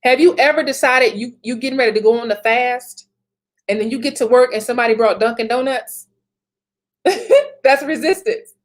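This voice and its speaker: A woman's voice: a little high, brisk. A woman in her thirties giving a motivational talk as a business coach, emphatic, repeating phrases and laughing often.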